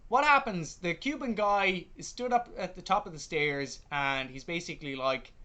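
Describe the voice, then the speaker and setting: A man co-hosting a film review podcast in casual chat, stubborn and animated, often trailing off into low mumbles over a video call. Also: moderate pace. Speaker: podcast co-host, film critic.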